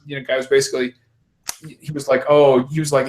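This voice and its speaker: A man hosting a gaming podcast, telling a story in an animated, profane, repetitive way. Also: medium pitch, fast talker, a little hiss or hum. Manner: animated storytelling, heavy swearing, repeats words. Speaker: podcast host. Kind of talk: casual chat.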